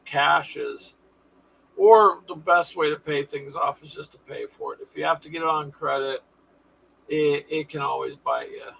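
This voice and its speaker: A man's voice: fairly high pitch, moderate pace, creaky, a bit bright, a little hiss or hum, low-quality recording. A man hosting a casual live stream, chatting with viewers in a folksy, sarcastic way.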